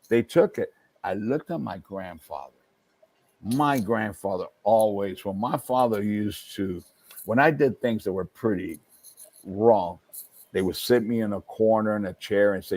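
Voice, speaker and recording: A man from Cuba, a guest in casual chat, telling a story in an animated way with Spanish words mixed in. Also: on the low side, moderate pace, no room sound.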